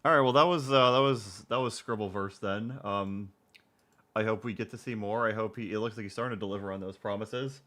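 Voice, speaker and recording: A man's voice: on the low side, a little fast, a bit bright. A man in his twenties, casually commenting on a live stream, rambling and repeating himself. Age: 20s.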